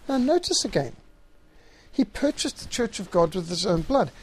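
A man's voice: high-pitched, sing-song, normal speed. Emphatic male Bible teacher. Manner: emphatic, reads scripture aloud and stresses key words. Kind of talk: theology teaching.

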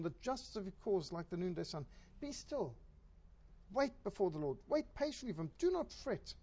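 A woman delivers a sermon with emphatic force and pointed rhetorical questions. Her voice is husky and sits in a middle pitch. The recording sounds dull and lo-fi. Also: darkish tone. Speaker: preacher.

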